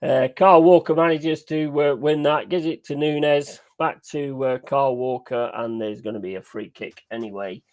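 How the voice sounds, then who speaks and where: A man chatting casually and excitedly over a live match, swearing freely and rambling through stories. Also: mid-range voice, normal speed, hardly any pauses. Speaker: watch-along streamer.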